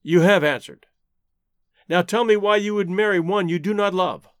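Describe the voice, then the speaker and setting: A man's voice: high-pitched, normal speed, clean tone, no echo, studio quality, natural voice. A man reading an audiobook, voicing a strong, proud jungle man who speaks firmly and directly. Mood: intense. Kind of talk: audiobook character voice.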